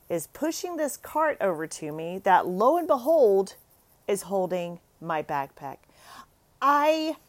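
Woman host, casual storytelling, chatty, expressive, laughs a lot. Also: mid-range voice. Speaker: host of a show for moms.

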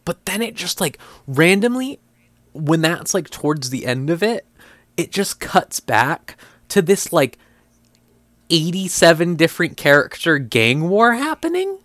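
A man's voice: a little high, big pitch swings, measured pace, fairly bright tone, no room sound. A young man on a podcast, chatting casually and incredulously, with lots of filler words and swearing. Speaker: podcast co-host. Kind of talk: casual chat.

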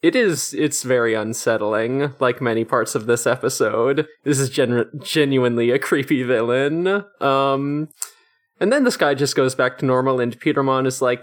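Casual podcast co-host, female, lively jumpy delivery, salty language. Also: normal speed. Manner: animated, swears casually, lively pitch jumps. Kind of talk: casual chat recapping a cartoon episode.

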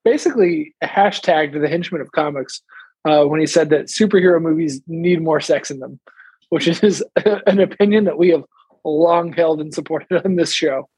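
Laughing, husky-voiced man podcasting. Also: on the high side, moderate pace, a little mellow, no room sound. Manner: jokey, laughs often. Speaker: podcast co-host. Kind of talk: casual chat. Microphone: video call.

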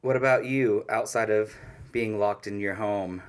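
Very deep-voiced playful male podcaster. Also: a little slow. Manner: playful, teasing, animated when retelling. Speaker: podcast co-host. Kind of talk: casual chat.

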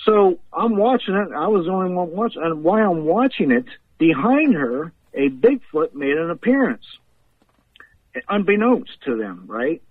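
A man's voice: sits high, very animated, normal speed, breathy edge, no echo. A man calling in as a guest, telling rambling stories and laughing often between them. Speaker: guest paranormal investigator. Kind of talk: casual storytelling on a podcast. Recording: tinny phone line.

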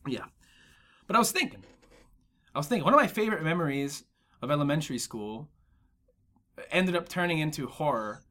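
A young man in his twenties hosts a podcast and tells long, rambling stories full of filler words. His voice sits a little high for a man, and he keeps things lively by slipping into comic voices. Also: a little fast, pauses often. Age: 20s. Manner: animated, slips into comic voices. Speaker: podcast host. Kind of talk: casual podcast chat.

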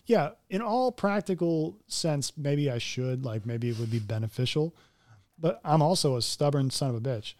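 A man's voice: fairly high pitch, lively intonation, moderate pace, darkish tone, dry recording. A man co-hosting a podcast, talking in a casual, joking way with stubborn rants. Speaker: podcast co-host. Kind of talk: casual chat.

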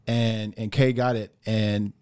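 A man co-hosts a casual podcast and tells stories in a relaxed, chatty way, often breaking into laughter at his own jokes. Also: on the low side, takes it slowly, clean tone. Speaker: podcast co-host.

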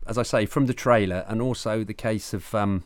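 A man's voice: on the low side, a little fast, dry recording. A man co-hosting a casual film review chat, hesitant and stammering, agreeing readily.

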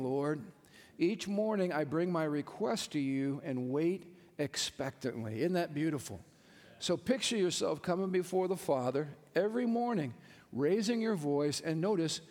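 A male pastor preaching a sermon with animated delivery, acting out little voices as he teaches. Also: on the high side. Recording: reverberant hall.

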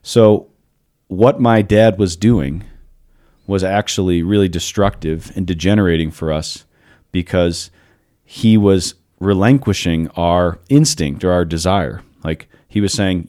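Male podcast host in his thirties, very deep voice, lively storyteller, casual chat. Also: unhurried. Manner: storytelling, animated, laughs often. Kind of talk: casual philosophical discussion.

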